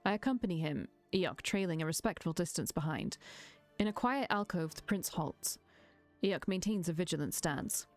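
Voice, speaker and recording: A woman reads a visual novel aloud in the first person, with an expressive storytelling delivery. Her voice sits on the low side, and soft music plays underneath. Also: moderate pace. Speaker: streamer reading a visual novel.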